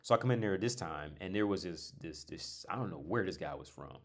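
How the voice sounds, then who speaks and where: A man's voice: deep voice, expressive, a little fast. A man from North America hosting a casual livestream, telling rambling stories with restarts and blunt, profane asides. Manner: rambling, digressive storytelling with frequent restarts. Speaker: livestream host. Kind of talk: casual chat.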